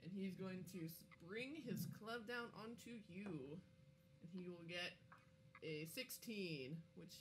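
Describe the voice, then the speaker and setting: A woman's voice: on the low side, unhurried, background noise. A woman narrating as game master of a tabletop game, giggling often.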